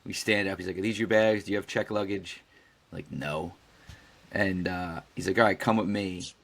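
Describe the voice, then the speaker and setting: A man's voice: low voice, fairly even intonation, moderate pace, a bit bright. A man co-hosting a podcast, telling a story casually, acting out the quoted dialogue and swearing freely. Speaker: podcast co-host.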